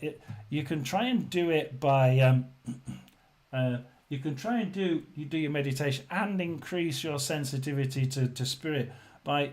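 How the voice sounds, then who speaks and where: A man from England chats casually on a live stream, reading out viewers' comments as he goes. He rambles, restarts his sentences and clears his throat again and again, in a voice sitting a little high for a man. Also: a little mellow. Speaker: livestream host.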